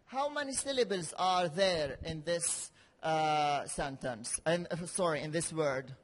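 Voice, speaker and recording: A male teacher giving a classroom grammar lesson, speaking slowly and repeating key words for his learners. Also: fairly high pitch, lively intonation. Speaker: English teacher. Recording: reverberant classroom hall.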